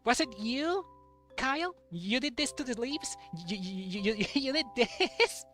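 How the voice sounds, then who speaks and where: Halting young man chatting on stream. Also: very high voice, expressive, sharp tone, faint music behind. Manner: halting, repeats words, laughs often. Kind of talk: casual chat while playing a game.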